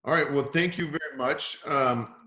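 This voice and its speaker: A man with a middle-pitched voice hosts a team call and rambles casually. He restarts often and leans on "you know". The sound has a roomy echo. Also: moderate pace, pushed and bright. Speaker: team leader hosting the call. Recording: echoey room sound.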